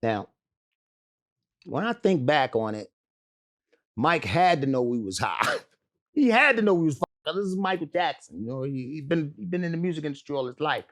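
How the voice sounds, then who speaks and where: A man's voice: a little high, sing-song, moderate pace, long pauses, fairly bright tone. A man telling a wild story as an interview guest, swearing often, laughing and acting out the voices of the people involved. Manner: profane, laughs through his story, acts out quotes. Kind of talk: animated storytelling.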